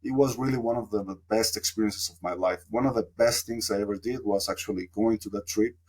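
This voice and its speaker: A man's voice: fairly low pitch, fairly even intonation, brisk, slightly rough. A man from Mexico, a podcast guest telling a long, reflective story with lots of fillers. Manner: reflective, rambling with many fillers. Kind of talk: casual storytelling interview.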